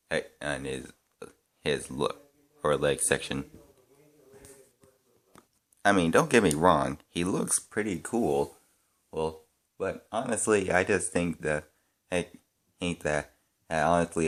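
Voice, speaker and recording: A man giving his casual opinions as a fan reviewer, talking in halting bits full of restarts and fillers, thinking aloud. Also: very deep voice, fairly bright tone.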